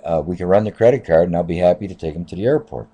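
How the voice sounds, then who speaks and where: Low, mellow-voiced man in his fifties telling a story. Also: racing, slightly rough, dull audio. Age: 50s. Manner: rambling, repeats "I said" and "uh". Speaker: taxi driver. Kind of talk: casual spoken storytelling.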